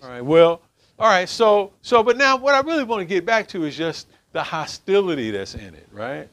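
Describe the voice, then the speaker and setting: Guy running a relationship group, kinda high voice, pushy "right?" after everything. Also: big pitch swings, moderate pace, a bit bright. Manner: emphatic, keeps asking "right?". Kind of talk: informal group talk on relationships.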